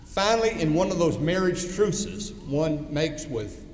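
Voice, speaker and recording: An older man delivers a commencement address in a blunt, storytelling way, hitting short lines hard. His voice sits a little high. The sound carries a long, roomy echo from a large hall. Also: lively intonation, unhurried, a crowd in the background. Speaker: commencement speaker. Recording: echoey hall from far off.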